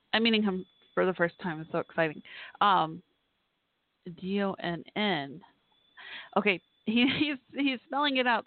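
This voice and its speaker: A woman hosting a call-in podcast from her home office, chatting casually, thinking out loud and apologizing often. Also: mid-range voice, no echo, phone-quality sound. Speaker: podcast host. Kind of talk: casual call-in show chat.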